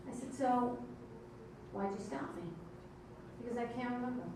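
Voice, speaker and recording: New lady emceeing a comedy club, higher voice, wry teasing crowd work, echoey from far off. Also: fairly even intonation, takes it slowly, noisy background. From Brooklyn, New York. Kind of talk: stand-up comedy.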